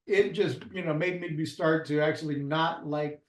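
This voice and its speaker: A man from Puerto Rico, a guest in an interview, with a voice pitched a little above average. He tells stories in a rambling, casual way, full of restarts and fillers. The room adds a noticeable echo. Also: steady tone, moderate pace. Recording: roomy echo.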